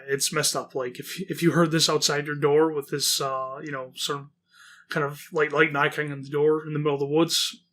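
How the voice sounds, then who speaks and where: A male horror story narrator with a bright, forceful voice pitched a little high. He mixes casual reading with rambling commentary, full of fillers and frequent swearing. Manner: chatty, rambling, heavy swearing.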